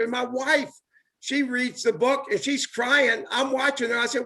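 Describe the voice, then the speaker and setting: This older host, once a baseball player, chats casually on a live video call from home, drawling and looping back to the same points. His high, sharp voice keeps a steady tone and runs a little slow. He is eager and repetitive, sprinkling in "uh" and "you know."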